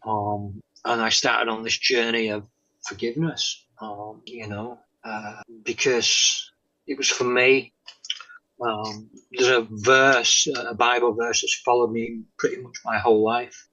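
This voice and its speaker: A man, a guest telling his faith testimony in an interview, halting with many pauses and "um"s and often dropping to a soft tone. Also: medium pitch, little pitch movement. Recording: dull lo-fi sound.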